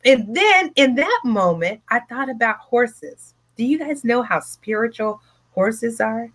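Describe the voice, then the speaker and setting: Brief: high-pitched woman retreat host, emphatic and animated, speaking from her home office. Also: measured pace. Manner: emphatic, repetitive, animated storytelling. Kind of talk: motivational personal talk.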